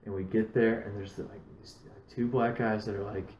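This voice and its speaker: A man's voice: fairly low pitch, normal speed, echoey room, rough recording. A man hosting a casual podcast, telling stories with plenty of swearing. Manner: swears a lot, animated storytelling. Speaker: podcast host.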